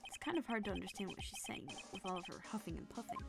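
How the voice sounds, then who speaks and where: Expressive woman streamer reading game lines. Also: mid-range voice, racing, creaky. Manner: playful, expressive. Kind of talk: reading game dialogue aloud with voices. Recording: loud game music behind.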